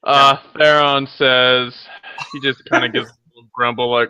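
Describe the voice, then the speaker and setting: Slow, smooth-voiced male player on a muffled, dry mic. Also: medium pitch, level tone, pushed and bright, no room sound. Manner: slow, deliberate, describing his character's actions. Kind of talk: casual tabletop play.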